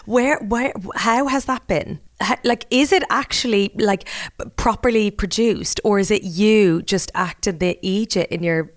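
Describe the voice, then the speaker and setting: A woman with an Irish accent hosting a podcast, chatting casually with playful, quick asides. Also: mid-range voice, no room sound. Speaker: podcast host. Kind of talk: casual chat.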